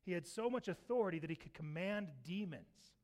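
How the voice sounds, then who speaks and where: A man preaching a Sunday sermon as pastor, telling the scripture story with lively, animated delivery and acting out its voices. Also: sits high, a little fast. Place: church sanctuary.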